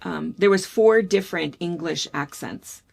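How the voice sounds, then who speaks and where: Chatty middle-aged American host, slightly low and gravelly, lots of ums. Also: female voice, measured pace, darkish tone. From United States. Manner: rambling, chatty, with frequent fillers. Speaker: show host. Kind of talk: casual chat.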